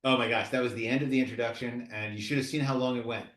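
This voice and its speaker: A man's voice: medium pitch, steady tone, racing, a bit bright. Chatty guy hosting a video call panel, roomy echo, cracks jokes. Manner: joking, chatty. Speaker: conference host. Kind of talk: casual video-call introduction.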